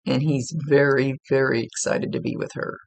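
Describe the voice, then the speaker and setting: A man with a gravelly, creaky edge to his voice talks through a psychic reading in an easygoing, chatty way. He stops to rephrase himself and laughs readily. His pitch sits in an ordinary middle range. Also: flat delivery, normal speed. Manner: chatty, self-correcting, laughs easily. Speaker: psychic medium. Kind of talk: relaxed spoken reading, conversational.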